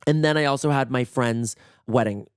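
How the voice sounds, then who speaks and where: A man hosting a podcast with a worn-out, hoarse voice, telling stories in a gossipy, animated way and swearing freely. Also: mid-range voice, moderate pace, dry recording, clean studio sound. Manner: gossipy, animated, swears often, acts out quotes. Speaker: podcast host. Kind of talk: casual solo storytelling. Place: in bed at home.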